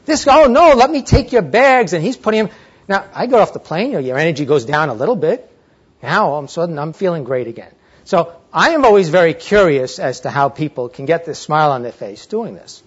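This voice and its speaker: A man giving a motivational talk to a live audience, telling a story in a chatty, animated way. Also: on the high side, quick pace, slightly rough. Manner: animated, chatty, acts out dialogue. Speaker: motivational speaker. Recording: dull lo-fi recording.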